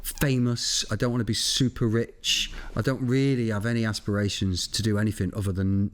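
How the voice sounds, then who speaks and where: A man's voice: lowish voice, flat delivery, fairly quick. A man talking as a podcast guest and food presenter, telling jokey stories bluntly and swearing freely. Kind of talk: casual chat.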